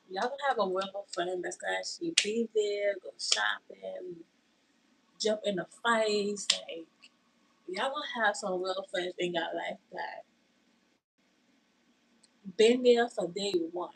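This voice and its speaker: A woman's voice: medium pitch, measured pace, creaky, long pauses, noisy background. A woman chatting casually on a livestream from her bedroom, sitting on her bed, greeting viewers and rambling about friendship, saying y'all a lot. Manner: drawling, says y'all. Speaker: livestream host.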